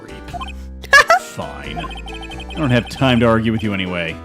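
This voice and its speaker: A woman doing a deep snarky young lawyer. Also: wildly swooping pitch, unhurried, heavily acted. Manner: dry, sarcastic asides. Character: young male defense lawyer, earnest but snarky. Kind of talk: playful fan voice-over of a game. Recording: stream audio over loud game music.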